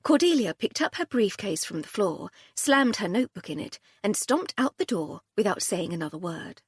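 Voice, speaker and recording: A woman's voice: mid-range voice, sing-song, moderate pace, slightly rough, no echo. A woman narrating a first-person audiobook with a wry, dry-humored manner.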